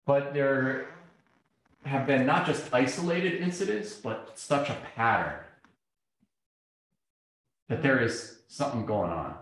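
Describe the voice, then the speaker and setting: Middle-aged guy giving a talk, lively storyteller, voice bouncing round a big echoey hall. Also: mid-range voice, takes it slowly, long pauses. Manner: animated, acts out quoted exchanges. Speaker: speaker. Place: lecture hall.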